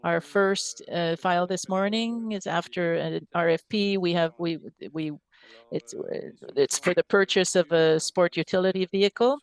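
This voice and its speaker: A man presenting staff reports at a city council meeting, halting, with many restarts and fillers. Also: high voice, steady tone.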